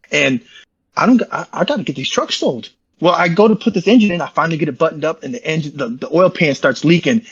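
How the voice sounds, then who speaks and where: A man's voice: on the high side, husky, lo-fi sound. A man, an interview guest, telling a long rambling story in slangy, repetitive casual talk over a call. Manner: fast, repetitive, slangy, says "bro" often.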